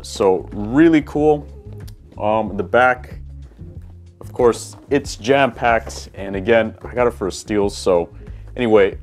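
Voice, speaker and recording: A man casually talking through a toy unboxing at a small table, relaxed and chatty with frequent ums and uhs. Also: fairly low pitch. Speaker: toy collector reviewer.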